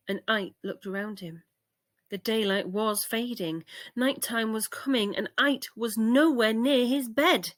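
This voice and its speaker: A woman reading a children's bedtime story aloud in a gentle, expressive way. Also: on the high side, measured pace, no room sound.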